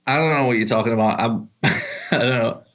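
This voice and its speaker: A man's voice: medium pitch, a little fast, background noise. A man talking as a guest in casual podcast chat, joking and summing things up bluntly. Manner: joking, swears, sums things up.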